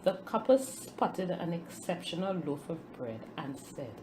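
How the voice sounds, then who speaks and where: A woman narrating a story in a slow, expressive storybook style. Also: fairly low pitch, a little hiss or hum.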